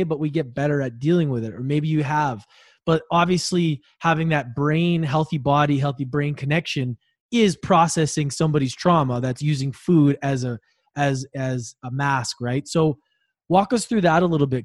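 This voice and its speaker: A man's voice: fairly high pitch, no echo, studio quality. A man hosting a podcast, asking long, loosely strung questions. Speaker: podcast host. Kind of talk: podcast interview.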